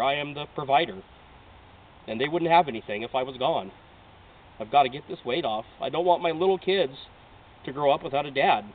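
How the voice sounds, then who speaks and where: A man's voice: on the high side, far from the mic. A man in his late thirties from Oregon, pleading earnestly and emotionally in a heartfelt audition video. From Oregon, United States. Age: 30s. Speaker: reality show applicant. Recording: tinny lo-fi audio from off-mic, faint hiss.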